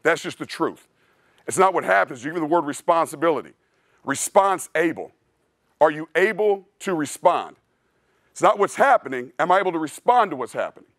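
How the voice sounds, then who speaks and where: A man's voice: on the high side, expressive, a little fast, fairly bright tone, no room sound, clean studio sound. A male strength coach giving a blunt, preachy clinic talk in a casual way, often calling listeners "dude". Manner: casual, says "dude" a lot. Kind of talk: clinic presentation.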